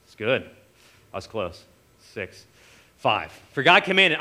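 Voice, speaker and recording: A man's voice: mid-range voice, slow, long pauses. A man preaching a casual, conversational sermon, often acting out quoted voices. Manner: animated, conversational, acts out voices.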